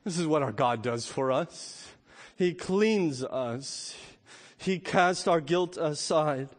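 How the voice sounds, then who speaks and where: A middle-aged man preaching a sermon as pastor, swinging from emphatic peaks to quiet, light asides. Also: a little high, expressive, slow. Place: church sanctuary. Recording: long reverb of a church hall.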